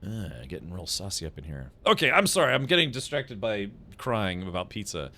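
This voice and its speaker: A man's voice: on the low side, big pitch swings, brisk, bright, forceful tone. A man streaming a video game, chatting casually and telling a rambling story with frequent laughs. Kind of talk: casual gaming stream chat.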